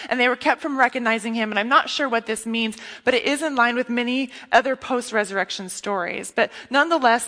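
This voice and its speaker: A woman preaching a sermon in an earnest, intimate way, often dropping to a hush. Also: on the high side. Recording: long reverb of a hall.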